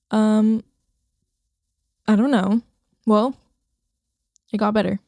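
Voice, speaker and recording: A woman's voice: medium pitch, steady tone, slow pace, pauses often, darkish tone, no room sound, studio quality. A young woman hosting her own podcast, rambling casually and swearing now and then into a microphone at home. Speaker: podcast host. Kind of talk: casual solo podcast chat. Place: home, recording to her computer screen.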